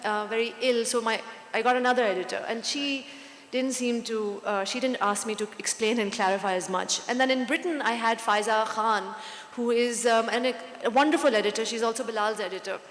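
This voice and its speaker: A woman's voice: fairly high pitch, a little fast. Woman telling stories in an echoey hall. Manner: animated storytelling, mixing in Hindi. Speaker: panel author. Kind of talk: conversational panel talk. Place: conference hall. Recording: echoey hall with long reverb.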